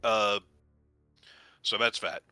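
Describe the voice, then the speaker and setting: A man's voice: fairly low pitch, fairly even intonation, extremely slow, bright, forceful tone, smooth, no room sound, faint music behind. A man acting as game master, explaining the rules to his players in a loose, conversational way with many "uh" fillers.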